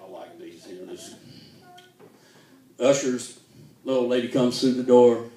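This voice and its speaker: A man's voice: medium pitch, measured pace, mellow. A man telling folksy jokes in a stand-up style, laughing at his own punchlines. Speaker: comedian. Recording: echoey room, distant mic.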